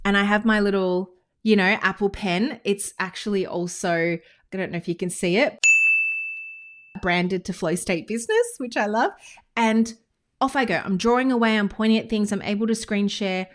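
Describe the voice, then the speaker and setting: A woman with an Australian accent, a business coach giving a casual, chatty lesson to camera, full of quick asides and enthusiasm. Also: medium pitch. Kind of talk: casual teaching monologue to camera. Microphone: screen-recorded talking head with whiteboard.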